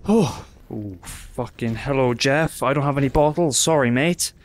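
Over soft background music, a gaming YouTuber gives live let's-play commentary on his own game, jittery and profane, yelping in panic and muttering to himself. His voice is medium in pitch at a normal speed.

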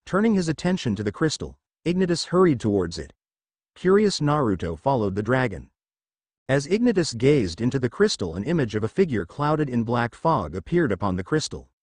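Lively male storyteller, dry sound. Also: mid-range voice, a little fast, no echo. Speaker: story narrator. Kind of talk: fanfiction reading.

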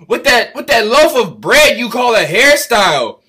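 A man doing loud, profane, mocking comedy commentary over a cartoon, with light music behind him. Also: extremely high pitch, sing-song, moderate pace, breathy edge.

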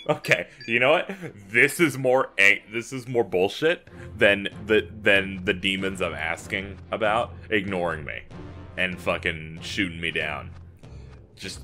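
A man's voice: low-pitched, slow pace, sharp tone. A man commentating his game playthrough, ranting and swearing in exasperation. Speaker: gaming YouTuber. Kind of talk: let's play commentary. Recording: faint game music behind. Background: game music.

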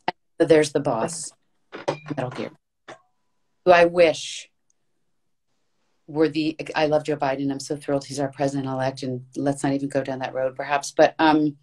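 A woman's voice: extremely low pitch, steady tone, moderate pace, long pauses, a little mellow. A woman talking as an interview guest about her voice-acting work, chatty and earnest, in long flowing runs. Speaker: guest voice actress. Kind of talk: casual interview.

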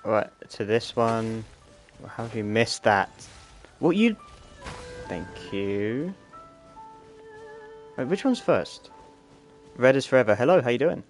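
A man's voice: mid-range voice, unhurried, long pauses, faint music behind. A man giving casual commentary while playing a video game. He puzzles aloud and jokes to himself. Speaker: gaming streamer.

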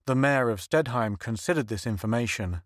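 A man narrates an audiobook in a steady, measured way, with a voice of middle pitch. The recording is dry and close to the mic, with no room sound. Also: no echo. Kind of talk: scripted narration.

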